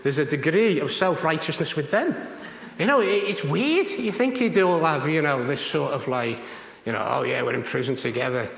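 A man, a prison chaplain, telling a story in conversation and acting out the voices of the people in it. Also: moderate pace. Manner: animated, acts out others' voices with big pitch jumps. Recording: echoey room with long reverb.

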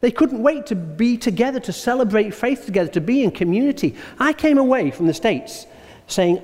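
A man, a pastor preaching a sermon with lively storytelling and slowed, emphatic punchlines. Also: high voice. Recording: long hall reverb.

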